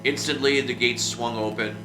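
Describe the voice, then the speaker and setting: A man reading a classic adventure novel aloud for a book club, steady with small restarts. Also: mid-range voice, moderate pace, background noise. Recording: roomy echo with music behind.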